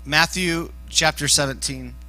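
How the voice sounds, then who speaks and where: A youth pastor preaching a loose, casual sermon at a church youth service. The man sounds animated and playful, with a high voice and a sharp, piercing brightness. He often jumps up into shouts to drive home a point. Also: measured pace, rough recording.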